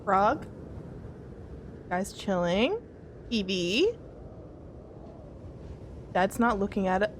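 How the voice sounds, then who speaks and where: A woman's voice: mid-range voice, lively intonation, very slow, pauses often, slight background noise. A young woman streaming a horror game, jittery and talking to her chat as she checks things off aloud. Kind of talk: casual horror game let's play.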